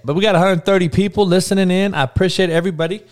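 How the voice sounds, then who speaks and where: A man's voice: high-pitched, fairly even intonation, very fast, noisy background. A man hosting a live podcast, ranting bluntly with constant profanity, repeating lines for emphasis and calling out listeners by name. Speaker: podcast host.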